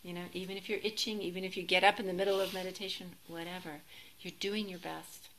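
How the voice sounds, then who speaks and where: A woman teaching as a Zen teacher in a relaxed, reflective dharma talk, gently self-deprecating and sometimes laughing. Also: lowish voice, quick pace, poor audio.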